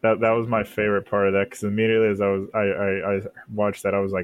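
Podcast co-host, man with a low voice, rambling and excited, very dry close sound. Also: quick pace, smooth, dry recording, muffled recording. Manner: rambling, enthusiastic, hesitant with fillers. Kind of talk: casual chat.

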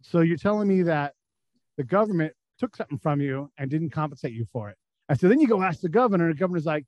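His voice is on the high side, a little mellow and expressive, moving at a quick pace. This middle-aged guest, a former military intelligence officer, gives candid, profane war stories in a casual interview, acting out quotes in voices. The recording is muffled, with no room sound.

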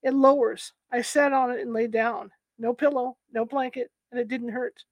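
A woman reading the part of a hypnotized woman recalling an abduction, answering flatly and with certainty. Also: on the high side, normal speed, no room sound, lo-fi sound, lightly acted.

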